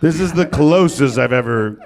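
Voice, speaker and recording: A man's voice: mid-range voice, animated, moderate pace, a little mellow, soft background music. A man hosting a live comedy podcast on stage, firing off crude, absurd jokes and laughing often. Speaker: podcast host. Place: live stage before an audience.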